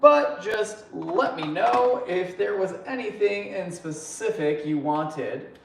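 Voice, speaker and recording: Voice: medium pitch, lively intonation, slow pace, creaky, noisy background. A live-stream crystal seller chatting casually through a sales show, gushing and jokey, reading comments aloud and greeting viewers by name.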